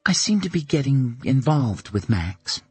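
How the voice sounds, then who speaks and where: A male narrator voicing a woman in her early thirties, a gentle but firm mother, speaking a bit higher than his own voice. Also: very animated, measured pace, slightly rough, no echo, faint music behind, exaggerated voice. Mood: tender. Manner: gentle and earnest, turning firm.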